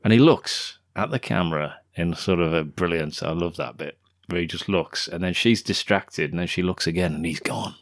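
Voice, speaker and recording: A man's voice: low-pitched, fairly even intonation, brisk, no room sound, studio quality. A man co-hosting a casual film review podcast, joking and laughing often as he retells scenes. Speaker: podcast co-host.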